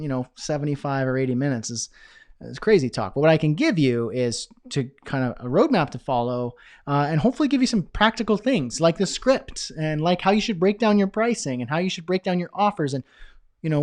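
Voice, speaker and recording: A man teaching a live online business course, talking in an energetic, chatty way with self-deprecating asides. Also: fairly high pitch. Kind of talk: live webinar presentation.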